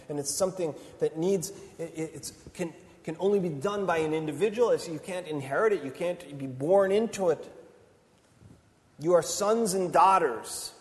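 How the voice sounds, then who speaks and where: Impassioned male preacher in a reverberant hall. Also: a little high. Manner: impassioned, swinging between loud emphatic declarations and soft intimate appeals. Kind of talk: sermon. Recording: long reverb of a large hall.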